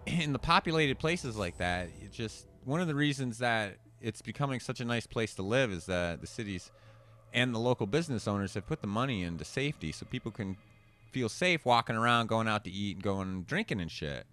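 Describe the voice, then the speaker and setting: A young man telling a profane story in animated rants while commentating a card game. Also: fairly low pitch, a little fast. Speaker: gameplay commentator. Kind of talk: casual storytelling over gameplay.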